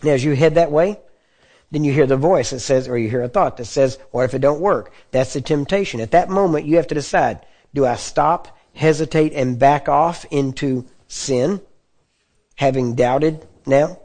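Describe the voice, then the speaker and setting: Man preaching a casual, dark-toned sermon. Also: on the high side, moderate pace. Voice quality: clears throat often. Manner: conversational teaching with frequent check-ins to the audience.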